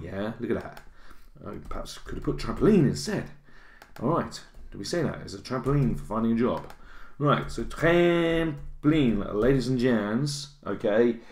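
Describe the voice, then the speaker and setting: A man's voice: fairly low pitch, a little mellow. A man teaching a recorded French lesson, chatty and encouraging, correcting himself as he types and checking in with "okay?". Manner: self-correcting, thinking aloud as he types. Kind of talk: recorded online lesson with on-screen notes. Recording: echoey room.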